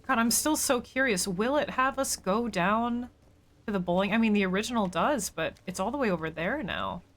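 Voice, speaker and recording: A woman's voice: medium pitch, animated, moderate pace, a bit bright. A woman streamer chatting casually as she plays, thinking aloud and talking to her viewers. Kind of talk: casual gameplay commentary.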